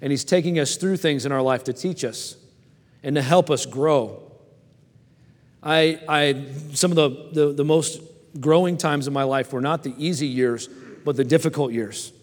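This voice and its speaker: A man's voice: a little high, moderate pace. A man in his forties preaching a sermon and telling personal stories in a folksy way, often stammering and restarting, and asking the audience questions. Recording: long hall reverb.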